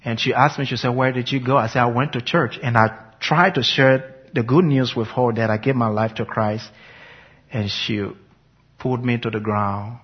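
A man's voice: medium pitch, fairly even intonation, moderate pace, slightly rough. A man telling his personal faith testimony in an earnest, reflective way, on a muffled lo-fi recording. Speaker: speaker giving a personal testimony.

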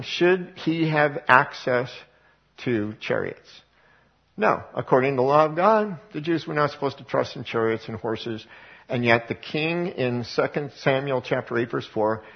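A man's voice: mid-range voice, slightly rough, dull audio. A male preacher reading scripture aloud and then explaining it in casual everyday words. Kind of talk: verse-by-verse sermon.

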